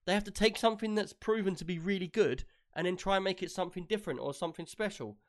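Chatty man, slightly high voice. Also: fast talker. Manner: chatty, rambling, laughs often. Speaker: podcast host. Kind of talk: casual gaming podcast chat.

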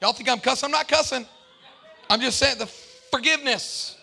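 Fiery high-voiced preacher. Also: male voice, moderate pace, vocal fry, slightly rough. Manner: animated preaching, swings from loud to hushed; playful asides to the congregation. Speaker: pastor. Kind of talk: sermon.

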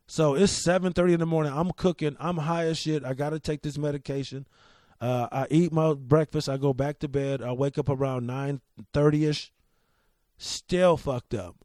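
Male podcast host, slightly high voice, dry close mic, profane storyteller who keeps restarting his sentences. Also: moderate pace, dry recording. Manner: animated, profane, laughing, with many restarts. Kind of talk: casual storytelling monologue.

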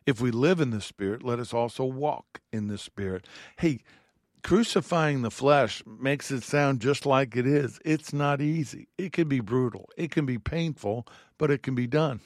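A man's voice: mid-range voice, normal speed, no echo. Earnest man teaching the Bible, dry sound. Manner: earnest, heartfelt, reads scripture aloud.

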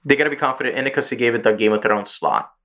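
A man's voice: mid-range voice, racing, pushed and bright. A man hosting a podcast in casual chat, loosely retelling a show's plot with plenty of swearing. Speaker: podcast host.

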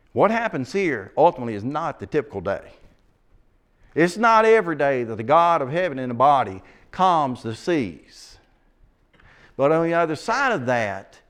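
A man's voice: fairly high pitch, a bit bright. Man teaching a Bible study. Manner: reads scripture aloud slowly, then asks the class questions.

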